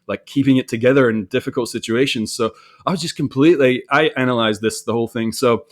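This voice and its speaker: A man's voice: medium pitch, quick pace. Candid man telling a personal story. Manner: candid, self-reflective, repeats words when restarting. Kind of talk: conversational storytelling.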